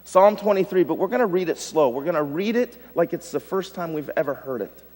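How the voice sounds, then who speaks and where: A man's voice: fairly high pitch, lively intonation, brisk. Preaching man in an echoing church. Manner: preaching with dynamic swings from loud emphasis to hushed tones. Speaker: pastor. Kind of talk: sermon. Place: church sanctuary. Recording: long reverb of a church hall.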